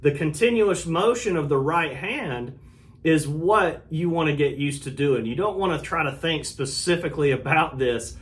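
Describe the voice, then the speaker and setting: A middle-aged man giving a relaxed, casual guitar lesson, explaining strumming and sometimes scatting the rhythm. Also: on the high side, normal speed. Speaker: guitar teacher. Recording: loud guitar under the voice. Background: acoustic guitar playing.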